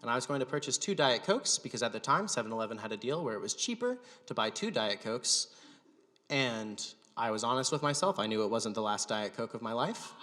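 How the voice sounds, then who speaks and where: Male stand-up host, bright, slightly high voice, wry deadpan storytelling, long hall reverb. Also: a little fast. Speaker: stand-up comedian and show host. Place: gallery venue with live audience.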